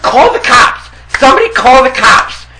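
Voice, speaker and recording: A man voicing a panicked young male neighbor who pleads and shrieks for help in a frantic, high voice. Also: sing-song, moderate pace, background noise.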